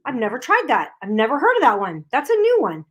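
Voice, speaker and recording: A woman's voice: a little high, wildly swooping pitch, fast, slightly rough, lo-fi sound. A woman co-hosting a casual live stream, chatty, teasing and laughing easily. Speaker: co-host.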